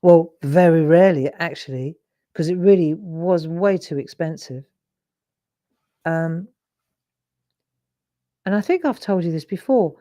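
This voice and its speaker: A middle-aged woman with a lowish, warm voice speaks unhurriedly and pauses often. Hosting a live drawing demonstration as a craft demonstrator, she chats casually in a rambling way, interrupting herself.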